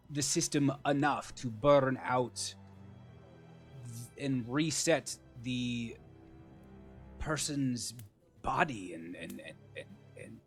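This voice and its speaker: A careful male alchemist lays out his craft in a measured, lecturing way, as a man puts him on. He pauses and hesitates as he thinks. Faint music runs underneath. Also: mid-range voice.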